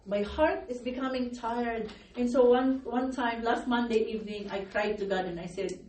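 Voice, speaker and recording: A woman's voice: fairly high pitch, moderate pace, darkish tone. A middle-aged woman pastor preaching a sermon, her voice worn from crying, calling out for amens and laughing between phrases. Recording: echoey room, distant mic, faint noise.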